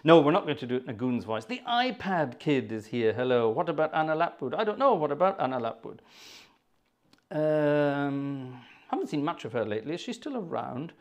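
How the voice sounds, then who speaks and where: A man's voice: on the high side, sing-song, normal speed. Chatty man hosting an organ livestream. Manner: chatty, jokey, self-mocking asides. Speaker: livestream organ concert host. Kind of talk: casual chat greeting viewers.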